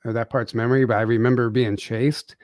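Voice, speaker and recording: A man's voice: medium pitch, steady tone, fairly quick, darkish tone, no echo, studio quality. A man telling a personal story as a podcast guest, casually, with many fillers and restarts.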